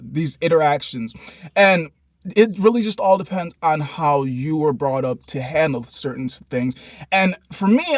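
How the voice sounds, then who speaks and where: A young man with a high, very lively voice talks straight to camera with no script. He rambles and swears, jumping from loud outbursts to low mutters, in a dry, close sound. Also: no room sound. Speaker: vlogger. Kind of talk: unscripted monologue to camera.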